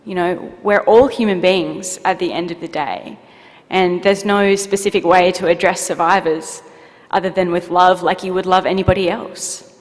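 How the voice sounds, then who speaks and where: A young woman with an Australian accent, an award recipient answering on stage in an earnest, halting way with many fillers. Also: on the low side, steady tone. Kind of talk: emotional on-stage interview. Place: ceremony hall. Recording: long echo of a hall.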